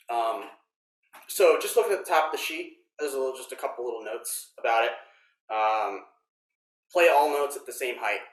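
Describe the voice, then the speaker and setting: A man teaching snare drum technique in a workshop, explaining step by step in a relaxed way with frequent ums. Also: medium pitch, far from the mic. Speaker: drum instructor. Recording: roomy echo.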